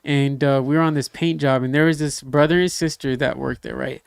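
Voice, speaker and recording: A man from the States, hosting a casual podcast interview, telling animated stories and acting out quoted dialogue. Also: medium pitch, a little fast, creaky, clear, resonant tone, no room sound, studio quality. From Southern United States. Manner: asks probing follow-up questions. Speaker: podcast host.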